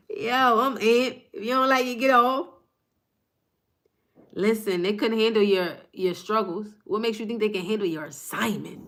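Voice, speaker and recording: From her table at home, a woman live-streams a passionate, fired-up spiritual card reading on her phone, repeating lines for emphasis in a motivational way. Her voice is a little high and a bit bright, with lively intonation at normal speed.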